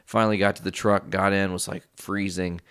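A man's voice: deep voice, flat delivery, fairly quick, a bit bright, smooth, no room sound, studio quality. A young man hosting his own show, telling a rambling, profane story in a casual monologue full of asides. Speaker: podcast host.

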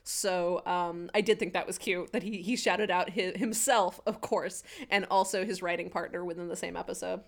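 A woman's voice: on the low side, steady tone, moderate pace, hardly any pauses. A woman co-hosting a casual podcast recap, chatty and wry, reading from her notes and laughing easily. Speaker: podcast co-host.

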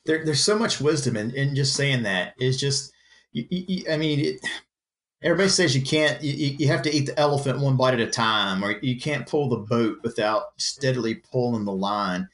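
A man, a firefighter, talking casually on a podcast in animated bursts with frequent restarts. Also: mid-range voice, normal speed. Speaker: firefighter guest.

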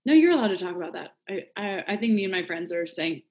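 A woman chatting as a podcast guest, blunt and giggly. Her voice sits in a middling range and often trails off softly at the ends of thoughts. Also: medium pitch, lively intonation, fast talker. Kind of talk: casual podcast chat.

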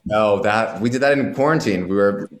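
A man, a guest from New York, telling animated stories in casual chat and swearing freely. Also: on the low side. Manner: animated storytelling, heavy swearing, quick asides.

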